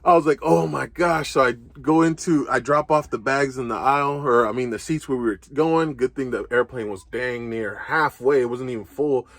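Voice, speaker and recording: A young man spins a story, animated and quick to laugh, dropping casual swears. His voice sits close and dry, with no room sound, and his pitch stays mid-range for a man. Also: no room sound. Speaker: co-host.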